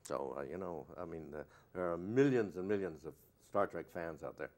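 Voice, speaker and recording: A man's voice: low voice, moderate pace, a little mellow. An older man, an actor being interviewed, answering in a rambling, anecdotal way.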